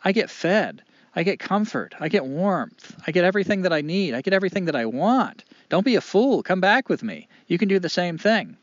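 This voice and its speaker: A man's voice: mid-range voice, wildly swooping pitch, moderate pace, fairly bright tone, dry recording. A man voicing a pampered male dog who stammers and pleads with his wolf brother. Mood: pleading. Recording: dull lo-fi recording.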